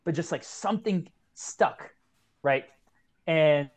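Fast-talking young man, earnest and heartfelt. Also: on the high side, lively intonation. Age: 20s. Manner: earnest, heartfelt storytelling, many "like" fillers. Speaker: guest, kettlebell coach. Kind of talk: casual podcast conversation.

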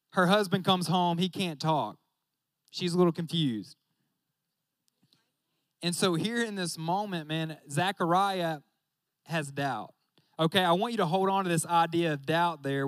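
A young man gives a casual, joking sermon in a high, light voice. He keeps turning to his listeners and talking straight at them. The sound is close and dry, with no room echo. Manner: joking, talks straight to the audience with "y'all".

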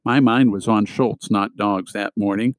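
A man narrates a novel in a fairly low, steady voice. He reads it as scripted narration and gives the characters small shifts in tone. The recording is dry and close, with almost no room sound. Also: a little slow, no echo, rough recording. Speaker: audiobook reader.

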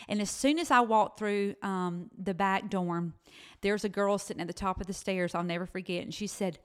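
Smooth-voiced Southern woman sharing testimony. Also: medium pitch, brisk. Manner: chatty, addresses listeners as y'all. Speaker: podcast co-host. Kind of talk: personal faith testimony storytelling.

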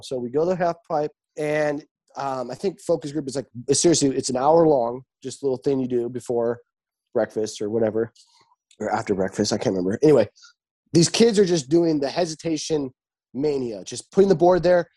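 A young man with a husky, slightly rough voice and a dark, mellow tone. He tells stories in casual chat, swearing freely and acting out every quoted line. The energy is lively and the delivery loose. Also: a little high, brisk. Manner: animated, swears freely, acts out quoted dialogue.

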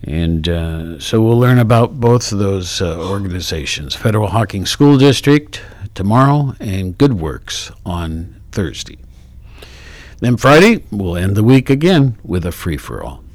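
A man's voice: fairly low pitch, very animated, a little slow, no echo. A man hosting a morning radio talk show, chatting casually with many fillers and self-corrections. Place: radio studio. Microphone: studio microphone.

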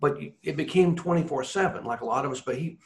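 A man who was a racing broadcaster, telling rambling, animated anecdotes in a casual interview. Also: a little high, quick pace.

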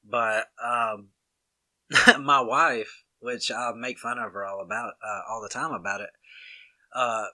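A young man with a thick Alabama Southern accent talks casually in a bright, forward tone. He wanders through his points with fillers and false starts, animated when telling a story. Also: medium pitch, takes it slowly. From Walker County area, Alabama. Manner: rambling, many restarts and fillers, animated storytelling. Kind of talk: casual chat.

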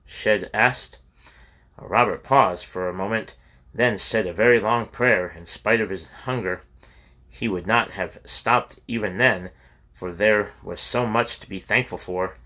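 A man narrating an audiobook in a steady storytelling reading. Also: lowish voice, unhurried. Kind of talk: scripted narration.

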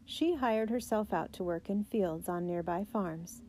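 A woman narrating a children's biography storybook, reading the characters' lines with raised pitch and emphasis. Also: a little slow, warm tone, a little hiss or hum. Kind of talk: storybook read-aloud.

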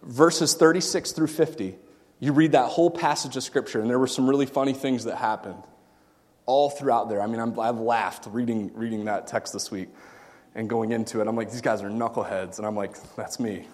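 A married pastor preaching a sermon to his church, swinging from quiet asides to shouted excitement and laughing at his own jokes. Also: medium pitch, moderate pace. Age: adult, married. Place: church sanctuary. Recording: long reverb in a church hall.

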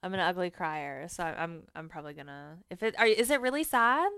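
A woman's voice: on the low side, animated, a little fast, creaky, bright, forceful tone, clear, resonant tone, no echo, clean studio sound. A young woman co-hosting a casual chat, teasing playfully and laughing often. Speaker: co-host.

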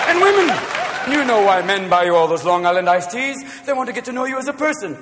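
A man doing a stand-up comedy routine, manic and loud, jumping between shouted voices. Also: high-pitched, big pitch swings. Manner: manic, shouting, quick voice switches. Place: comedy stage before a live audience. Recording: live hall recording with crowd noise.

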